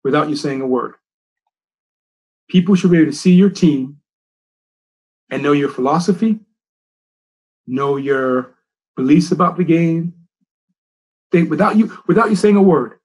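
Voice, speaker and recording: A man's voice: on the high side, unhurried, pauses often, a little mellow, slightly rough, poor audio. A middle-aged man who coaches soccer, giving a presentation and telling stories, repeating his key phrases for emphasis.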